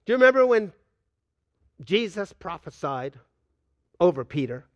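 An older man preaching a sermon as a pastor, swinging between loud and hushed delivery and acting out quoted dialogue. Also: high-pitched, sing-song, a little slow, no room sound, lo-fi sound. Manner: acts out dialogue with God in quoted voices.

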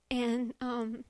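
A woman preaches with a high, bright-pitched voice, close to tears. She is expressive and confessional, swinging from loud declarations to hushed admissions. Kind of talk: emotional sermon.

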